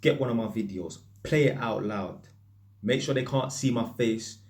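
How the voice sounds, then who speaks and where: Speaking at normal speed in a mid-range voice, this man is an electrician spinning casual, lively anecdotes for the camera. His British accent is loaded with London street slang.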